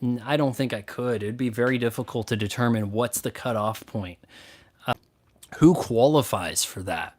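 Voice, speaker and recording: A man's voice: mid-range voice, moderate pace, darkish tone. Blunt sarcastic man ranting. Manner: blunt, sarcastic, mocks others with put-on voices. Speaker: YouTube movie and game critic answering questions. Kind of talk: casual profane Q&A rant.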